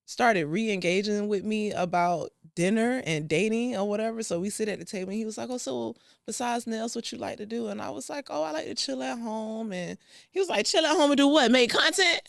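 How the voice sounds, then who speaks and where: A young woman vlogger telling a dating story in a casual, profane, animated way, acting out both sides. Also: a little high, no room sound, clean studio sound.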